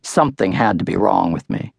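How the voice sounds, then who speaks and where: A man's voice: deep voice, big pitch swings, fairly quick, creaky, breathy edge, no echo. An older man narrating his own book in a wry first-person storytelling manner, close to the mic. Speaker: author-narrator. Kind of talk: audiobook narration.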